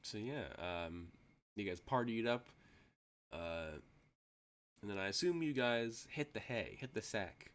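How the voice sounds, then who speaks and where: A man's voice: lowish voice, expressive, unhurried, pauses often, a bit bright, slight background noise. A man running a tabletop role-playing game as game master, rambling with frequent restarts and laughs.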